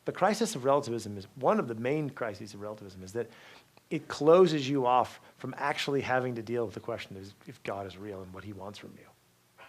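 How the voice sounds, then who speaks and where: A man giving a university talk, telling stories lively with frequent asides, restarts and "okay?" check-ins to the audience. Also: mid-range voice, a little fast. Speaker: guest speaker. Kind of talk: university lecture.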